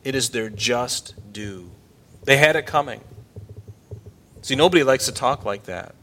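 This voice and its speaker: A man's voice: mid-range voice, measured pace, fairly bright tone. A male pastor preaching a sermon in an emphatic way, often asking his listeners rhetorical questions.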